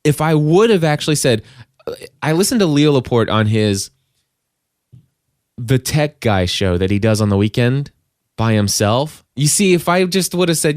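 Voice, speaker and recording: A man's voice: medium pitch, expressive, normal speed, long pauses, dry recording, studio quality. A middle-aged man hosting a podcast, giving casual advice in a rambling way, with frequent restarts and bursts of emphasis. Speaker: podcast host and coach.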